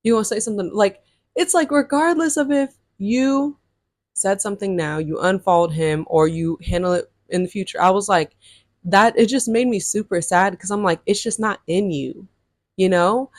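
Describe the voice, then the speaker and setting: A vlogger in her early twenties tells her viewers a storytime in a casual, chatty way, retelling events animatedly and filling her speech with fillers. Her voice is mid-range and her pace moderate. The sound is clean studio quality with no echo.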